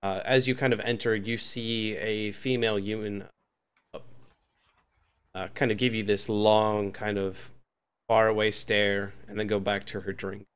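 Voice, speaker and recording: A man as game master, narrating a tabletop game in a halting, hesitant way. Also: lowish voice, little pitch movement, fairly bright tone, smooth.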